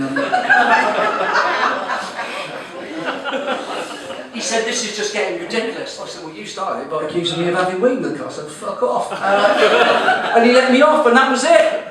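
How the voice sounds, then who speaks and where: A man compering a comedy night, telling a story and teasing the crowd with casual swearing. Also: high-pitched. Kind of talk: stand-up storytelling to a live audience. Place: comedy club room. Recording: very echoey room, far-off mic, noisy.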